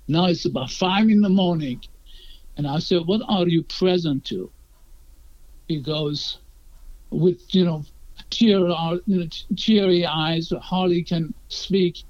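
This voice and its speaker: Earnest high-voiced man telling a story. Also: takes it slowly, darkish tone. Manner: earnest, acts out quoted dialogue. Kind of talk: conversational storytelling. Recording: dull lo-fi sound.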